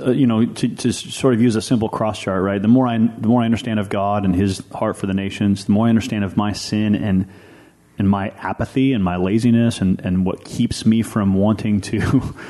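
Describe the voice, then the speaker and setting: A man with a fairly low, mellow voice talks through church ideas on a podcast. He is earnest and explanatory and often restarts his sentences as he thinks aloud. The tone stays casual and conversational. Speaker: pastor and podcast co-host.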